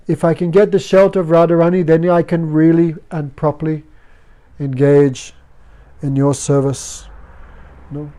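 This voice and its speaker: A fairly high-voiced man teaching a spiritual class to students. He talks in short, simple phrases of broken English and breaks into chanted verses. His tone stays patient and explanatory. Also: flat delivery, a little slow, dark tone. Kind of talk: devotional class talk.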